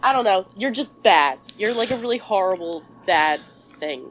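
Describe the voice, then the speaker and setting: A woman's voice: mid-range voice, lively intonation, moderate pace, a little hiss or hum, poor audio. A woman in a casual group podcast, throwing out blunt, teasing quips.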